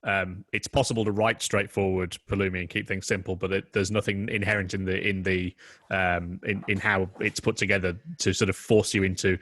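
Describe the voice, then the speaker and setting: A man's voice: low-pitched, level tone, fairly quick, a bit bright. A man hosting a webinar, speaking hesitantly with many fillers. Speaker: webinar host.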